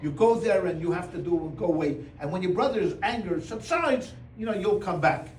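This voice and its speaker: Rabbi teaching a class, lively and joking, acts out the characters, higher-pitched male voice, miked from a distance in a roomy hall. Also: moderate pace. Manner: animated, humorous, acts out voices with Yiddish exclamations. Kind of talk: lively storytelling Torah class. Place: room with a live audience. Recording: roomy sound from a distance, faint room noise.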